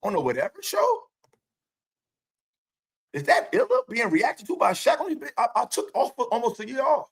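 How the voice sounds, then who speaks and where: A man with a high voice that swings widely up and down rants on his own stream. He taunts with one rhetorical question after another and swears freely. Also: wildly swooping pitch, moderate pace, vocal fry, long pauses, breathy edge. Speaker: streamer host. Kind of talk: confrontational livestream rant.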